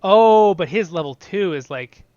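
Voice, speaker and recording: Excitable young man commentating a game. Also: high-pitched, unhurried, dry recording, muffled recording. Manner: excitable, chatty, swings between loud and soft. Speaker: game video host. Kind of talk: casual gameplay commentary.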